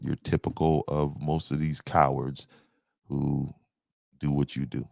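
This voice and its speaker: A man's voice: rumbling low, fairly even intonation, measured pace, vocal fry, a little mellow, no echo, studio quality. A man hosting a podcast in casual commentary, taunting and mocking a viewer with repeated jabs. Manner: taunting, trash-talking a viewer. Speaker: podcast host.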